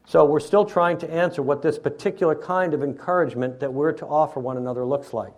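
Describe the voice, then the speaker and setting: A man's voice: fairly high pitch, fairly even intonation, fast talker. A man preaching an expository sermon in a teacherly way, often checking in with his listeners.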